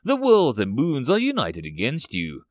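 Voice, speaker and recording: A man voicing a huge, menacing male alien titan soldier, deep and mocking, in an audiobook. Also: huge pitch swings, normal speed, no echo, clean studio sound. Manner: mocking, contemptuous.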